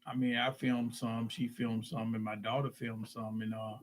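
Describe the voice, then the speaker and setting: A man's voice: mid-range voice, flat delivery, moderate pace, a little hiss or hum. A man chatting casually as a guest, laid-back and agreeable, often trailing off. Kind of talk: casual chat.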